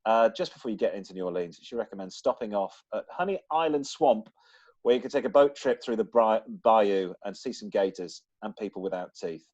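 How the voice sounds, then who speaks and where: A man's voice: on the low side, brisk, no echo, highs cut off. A man co-hosting a casual car podcast, reading listener emails with jokey asides. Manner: jokey, animated, throws in quips and silly asides. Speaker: podcast co-host.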